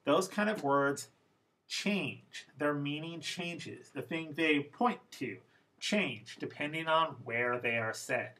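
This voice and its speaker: A man's voice: a little high, takes it slowly, pushed and bright, rough recording. A man teaching English pronunciation in a recorded lesson, explaining patiently and step by step.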